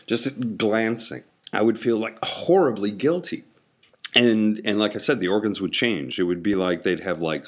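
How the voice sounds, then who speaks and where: A man with a low, deep voice hosting a solo show. He rambles casually, stumbling on fillers and mocking himself. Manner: rambling, self-deprecating humor, many fillers and restarts. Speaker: podcast host.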